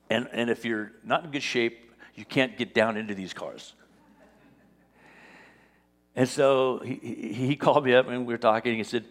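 A man's voice: mid-range voice, big-room sound. A man preaching a sermon, telling stories with acted-out dialogue and rising in force as he reads scripture. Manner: storytelling, acts out dialogue, rises on scripture. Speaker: pastor.

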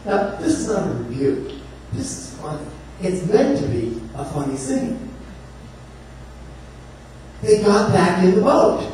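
A man preaching a sermon, telling the story in an animated, humorous way and acting out voices. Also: sits high, unhurried, pauses often. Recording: echoey room from far off, faint noise.

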